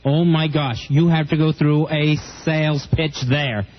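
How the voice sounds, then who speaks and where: High-pitched male radio co-host. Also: steady tone, a little slow. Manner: agreeable, chuckling sidekick. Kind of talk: casual radio banter. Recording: dull lo-fi radio broadcast.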